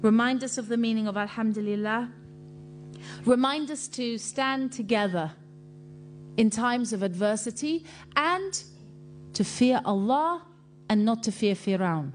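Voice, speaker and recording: A woman giving an impassioned religious talk to a congregation, telling stories earnestly and emotionally with many pauses. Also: on the high side, a little hiss or hum. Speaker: speaker addressing a Muslim congregation.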